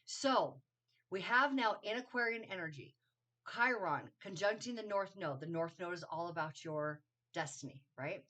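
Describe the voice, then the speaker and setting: A woman's voice: lowish voice, expressive, moderate pace, bright, forceful tone. A woman giving a casual spiritual astrology talk, rambling and correcting herself with lots of ums and okays. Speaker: astrology teacher. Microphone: solo video to camera.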